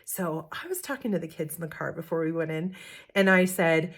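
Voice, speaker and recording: A middle-aged woman, a parenting coach, telling a lively family story to camera, laughing often and acting out what her kids said. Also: sits low, a little fast. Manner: animated, laughs often, acts out quotes.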